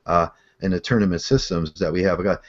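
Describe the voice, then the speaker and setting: A man's voice: low voice, brisk. A man hosting a casual online chat, rambling along with many fillers and restarts. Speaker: show host. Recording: slightly muffled call audio.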